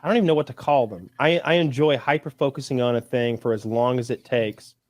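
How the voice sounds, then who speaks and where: A man co-hosting a casual podcast, rambling and halting with lots of ums and restarts. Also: medium pitch, darkish tone, no room sound. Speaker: podcast co-host.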